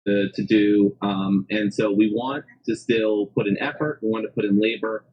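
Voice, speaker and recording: A man's voice: lowish voice, fairly even intonation, moderate pace, slightly rough. A man speaking hesitantly with many fillers, heard as an interviewee in a played clip. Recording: dull lo-fi clip.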